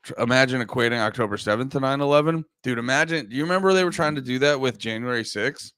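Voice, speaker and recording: A man's voice: fast talker, fairly bright tone, smooth, dry recording, studio quality. Rambling, crude man on a podcast. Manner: rambling, crude, jokey, mocks people in high-pitched put-on voices. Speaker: podcast host. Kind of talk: casual comedic podcast rant.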